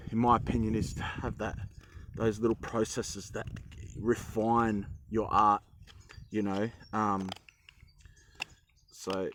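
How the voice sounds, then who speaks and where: A man's voice: fairly low pitch, fairly even intonation, normal speed, fairly bright tone, a little hiss or hum. Chatty Australian man teaching spoon carving. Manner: rambling, chatty, self-deprecating humor. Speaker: woodcarving teacher. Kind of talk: casual instructional talk while carving.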